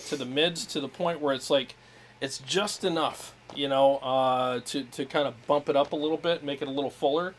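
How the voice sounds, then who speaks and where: A man hosting a casual livestream, talking about his equipment in an enthusiastic, rambling way with restarts and frequent laughter. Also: on the high side. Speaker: show host.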